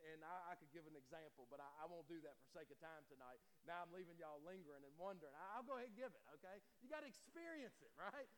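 A man preaches from the pulpit in a folksy storytelling manner, often turning to the congregation with a quick "right?" His voice sits high for a man. The sound rings out with the long reverb of a large church sanctuary. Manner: folksy, laughing, addresses the congregation directly. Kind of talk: storytelling sermon.

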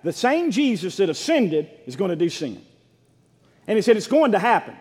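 A man preaching a sermon as pastor, fervent and swelling into shouts, calling for responses from the congregation. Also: high voice, big pitch swings, moderate pace, husky. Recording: long reverb of a large hall.

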